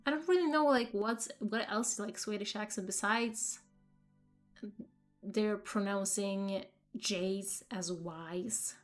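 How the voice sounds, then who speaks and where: A woman's voice: medium pitch, slow pace, faint music behind. Chatty young woman streamer. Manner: chatty, trailing fillers and laughs. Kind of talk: casual let's-play commentary.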